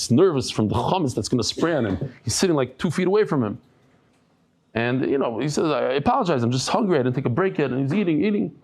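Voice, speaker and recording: A man giving a daily Talmud class, telling stories and jokes with many restarts and Yiddish terms. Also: mid-range voice. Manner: animated storytelling with frequent restarts and Yiddish terms; humorous asides and jokes. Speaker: Talmud teacher.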